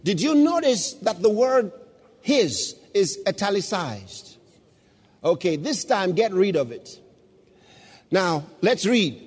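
A man preaching a sermon, moving from calm Bible teaching to loud shouts of praise. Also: high-pitched, takes it slowly, pauses often, husky, long reverb tail. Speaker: pastor.

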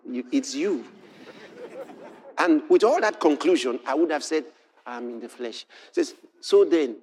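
A man preaching a sermon, moving from quiet storytelling to shouted exclamations. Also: on the high side, slight background noise.

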